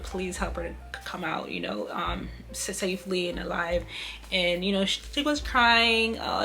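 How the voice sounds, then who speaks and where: A woman's voice: lowish voice, vocal fry, bright, forceful tone. A young woman talks straight to her viewers, telling a hard personal story in an open, emotional, unpolished way. She keeps addressing them as "you guys" and leans on "you know" as she goes. Faint music plays behind her. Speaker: vlogger. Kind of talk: casual storytelling to camera.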